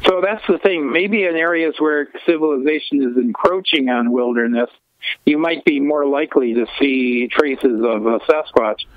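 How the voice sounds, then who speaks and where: A man who is an author, speaking as a guest in a phone interview in a relaxed, genial way. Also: a little high, normal speed, dry recording, narrow, tinny audio.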